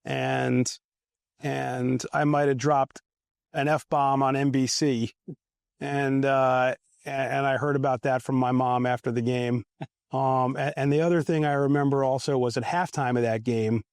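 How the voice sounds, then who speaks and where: A man reminisces about his days as a team equipment manager, wandering through anecdotes with restarts and chuckles at himself. His voice sits at a middle pitch. The sound is dry and close. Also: little pitch movement, unhurried, gravelly, smooth, dry recording. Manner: rambling, self-amused anecdotes with restarts. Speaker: former football equipment manager. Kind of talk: casual storytelling interview. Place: outdoors at a golf event.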